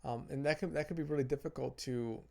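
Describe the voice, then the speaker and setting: A man's voice: medium pitch, fast, creaky, dark tone. A man talking earnestly to camera about relationships, giving advice from his notes and often repeating and restarting phrases. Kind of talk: casual advice talk to camera.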